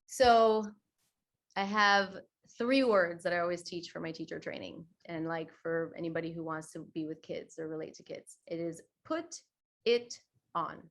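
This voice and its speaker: A woman yoga teacher talking in a podcast interview, chatty and expressive, acting out quoted voices with big swings. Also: fairly low pitch, normal speed. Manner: chatty, many fillers like "you know" and "right". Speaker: guest yoga teacher and teacher trainer.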